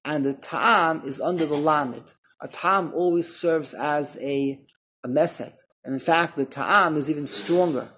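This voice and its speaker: Gravelly husky man teaching a text. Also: fairly high pitch. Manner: halting, repeats words, reads Hebrew text and explains it. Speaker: Torah teacher. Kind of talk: text study lesson.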